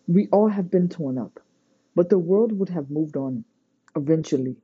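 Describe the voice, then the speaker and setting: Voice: medium pitch, lively intonation, moderate pace, breathy edge. A reader voicing a blunt, scolding adult male mentor in a storybook reading. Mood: stern. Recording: dull lo-fi recording.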